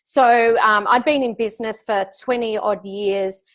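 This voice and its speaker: Woman, middle-aged, slightly high voice, upbeat and emphatic, interview guest, video call. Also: steady tone, measured pace. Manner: upbeat, emphatic, laughs easily. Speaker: business coach guest. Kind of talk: casual interview answers.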